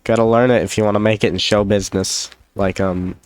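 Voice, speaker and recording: A man's voice: lowish voice, fairly even intonation, brisk, no echo, clean studio sound. A young man chatting in a rambling, self-deprecating vlog, drifting off into jokey asides. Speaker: YouTuber. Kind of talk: rambling solo vlog chat.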